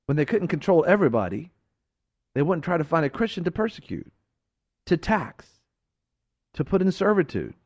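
A fervent male preacher on a talk show, his pitch leaping and falling with every point. He presses his words hard, then drops to a hush. The sound is dry and close. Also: very animated, normal speed, long pauses, dry recording. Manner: fervent, emphatic, swinging from loud to hushed.

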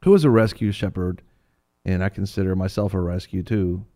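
A middle-aged man co-hosting a casual chat, telling an animated story with laughter and little voices for the people in it. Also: low-pitched, brisk. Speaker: co-host.

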